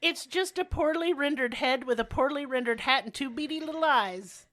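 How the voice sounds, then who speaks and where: A woman in her thirties co-hosting a casual comedic podcast, teasing and laughing often as she talks. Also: high-pitched. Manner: loud laughing, playful, quick to tease. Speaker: podcast co-host.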